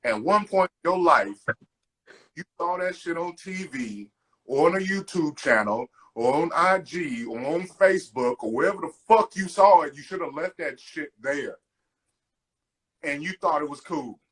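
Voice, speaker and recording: A man's voice: a little high, expressive, normal speed, a bit bright, slightly rough. A man co-hosting a casual podcast, ranting with lots of swearing and mocking impressions of other people's speech. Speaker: podcast co-host. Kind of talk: casual chat.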